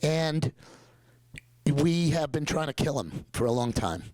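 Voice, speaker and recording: A middle-aged man with a New York accent, giving an animated, joking presentation as a dentist. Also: fairly high pitch, unhurried, no echo, rough recording. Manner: animated, joking, emphatic storyteller. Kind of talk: conference presentation.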